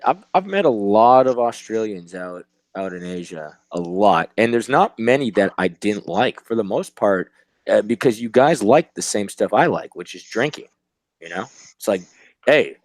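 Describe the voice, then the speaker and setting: A man chatting casually, easygoing and quick to laugh. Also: on the low side, very animated, no echo. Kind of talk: casual chat.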